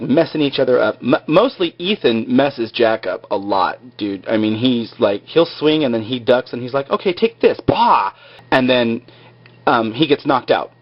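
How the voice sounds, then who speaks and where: A man at a mid-range pitch talks through a TV episode. His recap rambles, full of "like" and "um" and joking side remarks. The sound is dull and lo-fi, like a cheap home mic. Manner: rambling, filler-heavy, joking asides. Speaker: video blogger recapping a TV episode. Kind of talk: casual spoken recap.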